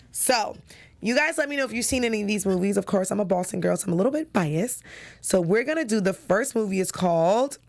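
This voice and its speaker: Chatty woman hosting a TV recap. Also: medium pitch. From New York. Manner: chatty, enthusiastic, with frequent fillers. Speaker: TV recap show host. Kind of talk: casual recap chat.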